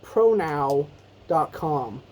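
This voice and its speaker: A woman's voice: low voice, expressive, very slow, a little mellow, low-quality recording. Playful young woman co-hosting radio. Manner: playful, teasing, mock-apologetic. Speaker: radio show co-host. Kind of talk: casual radio chat.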